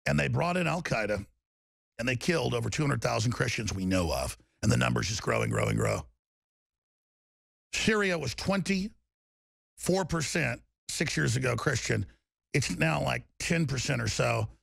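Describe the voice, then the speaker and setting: A man's voice: medium pitch, lively intonation, moderate pace, creaky, fairly bright tone, husky, dry recording, clean studio sound. A man delivering an angry political rant, heated and emphatic, with mocking asides. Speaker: political commentator.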